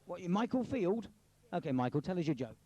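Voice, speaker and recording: A man interviewing people for jokes, jovial and quick to laugh. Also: high voice, big pitch swings, dark tone, dry recording, lo-fi sound. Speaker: street interviewer collecting jokes. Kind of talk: vox-pop banter.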